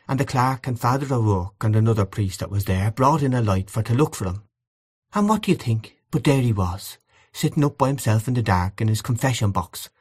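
A woman's voice: very deep voice, a little mellow, husky, full character voice. A man voicing a grieving elderly housekeeper who rambles in a wistful, confiding way. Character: grieving elderly Irish housekeeper, gossipy and plaintive.

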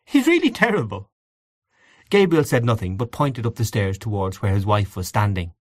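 A man narrating a story aloud in a measured, expressive audiobook reading. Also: fairly low pitch, no echo, studio quality.

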